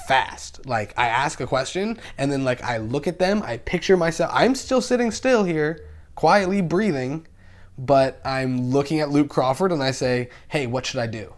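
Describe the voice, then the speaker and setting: A young man with a mid-range voice chats casually as a podcast guest. He's excitable and animated, swearing freely and laughing often.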